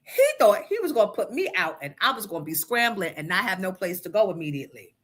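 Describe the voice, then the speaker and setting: A woman's voice: medium pitch, very animated, fast talker, fairly bright tone. A woman radio host telling a personal story in a brash, profane, emphatic way. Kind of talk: storytelling on a morning show.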